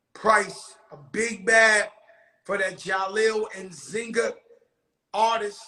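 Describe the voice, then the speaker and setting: Loud, bright-voiced rowdy man host. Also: high voice, roomy sound, low-quality recording. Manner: rowdy, profane storytelling with shouted bursts. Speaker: show host. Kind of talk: casual chat.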